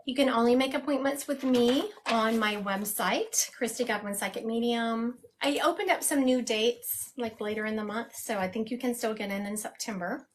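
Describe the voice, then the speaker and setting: A woman's voice: a little high, normal speed, hardly any pauses, slight background noise. A woman hosting a live stream as a psychic medium, chatting casually and laughing at herself.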